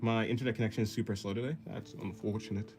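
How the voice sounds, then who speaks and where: A man's voice: lowish voice, steady tone, quick pace, over music. A man livestreaming while he sketches, reading chat aloud and rambling in a self-deprecating way that often breaks into laughs. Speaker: art livestreamer.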